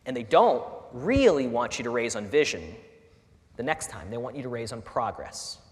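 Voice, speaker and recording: A man's voice: medium pitch, normal speed. A middle-aged man, a startup founder, speaking candidly and with feeling to an audience, often restarting his sentences. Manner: earnest, animated, frequent restarts and fillers. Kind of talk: candid talk at a fireside chat. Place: large lecture hall with audience. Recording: echoey hall with faint ambience.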